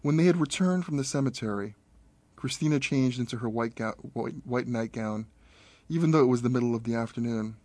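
A man's voice: medium pitch, darkish tone, no echo. Male narrator reading a story. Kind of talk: audiobook narration of a short story.

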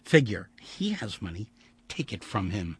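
A man voicing a desperate, furious male spacefarer who shouts and pleads in a high, strained voice. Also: sing-song, measured pace, slightly rough, no echo, heavily acted.

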